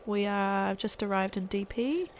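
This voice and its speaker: A woman's voice: mid-range voice, moderate pace, slight background noise, low-quality recording. A woman from New Zealand, a parent, chatting casually with viewers while she streams gameplay. She laughs often and trails off mid-sentence. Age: adult parent.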